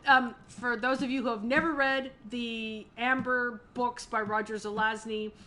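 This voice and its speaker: A woman's voice: fairly high pitch, a bit bright, slight background noise. A woman streamer giving casual let's-play commentary, chatty with mumbled asides.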